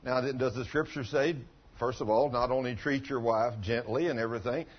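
A man's voice: mid-range voice, brisk, highs cut off. A man preaching a sermon as pastor, telling folksy stories and putting questions to the congregation.

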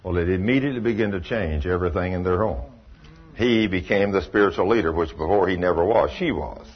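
A man's voice: sits low, brisk, breathy edge. A man preaching a sermon in a folksy, storytelling way with emphatic asides. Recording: dull lo-fi recording.

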